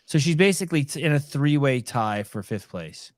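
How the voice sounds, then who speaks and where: Man co-host: mid pitch, dry close mic, loose and profane. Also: lively intonation, moderate pace, no echo. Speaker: podcast co-host. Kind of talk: casual podcast banter.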